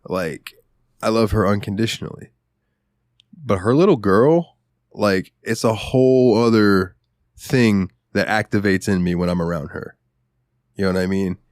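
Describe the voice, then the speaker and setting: Young male podcast host, low pitch, candid and heartfelt, dead-dry mic. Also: measured pace, pauses often, a little mellow, no echo. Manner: candid, emotional, swears casually. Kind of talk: casual podcast chat.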